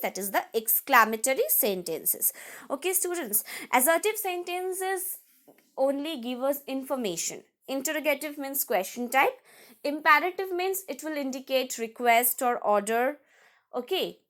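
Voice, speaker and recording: A woman's voice: high-pitched, fairly bright tone. A woman with an Indian English accent teaching English grammar in an online lesson, explaining step by step and often checking in with "okay, students".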